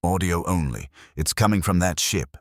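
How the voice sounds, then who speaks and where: A man's voice: deep voice, moderate pace, no echo, studio quality, lightly acted. A man doing a nervous young sonar officer. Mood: uneasy. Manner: tense, urgent reporting. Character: young, frightened navy lieutenant on sonar.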